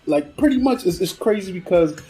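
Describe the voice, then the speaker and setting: A relaxed man hosts a movie podcast, talking casually with a somewhat high voice. He keeps things loose and chatty, with faint music playing behind him. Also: fairly quick, poor audio. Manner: laid-back, says "man" often. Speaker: podcast host. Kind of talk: casual chat.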